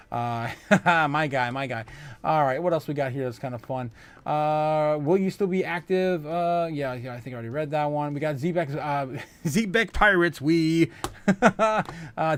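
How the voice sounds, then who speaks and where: An excitable man hosts a casual crypto livestream, reading viewers' comments and reacting with frequent laughter. His voice sits a bit high for a man, and his talk is hyped and chatty.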